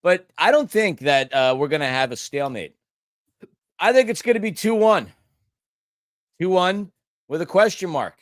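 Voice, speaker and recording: A man's voice: high voice, expressive, normal speed, long pauses, no room sound, studio quality. A man co-hosting a casual sports podcast, hedging his match prediction while he has the hiccups. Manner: hedging, uneven delivery. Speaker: podcast co-host.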